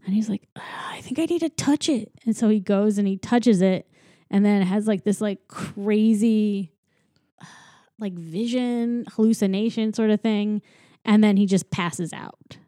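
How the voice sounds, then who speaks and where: Chatty woman with a mellow voice. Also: mid-range voice, steady tone, unhurried, no echo, clean studio sound. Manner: chatty, acts out lines in silly voices, giggly. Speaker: podcast co-host. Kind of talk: casual movie recap chat.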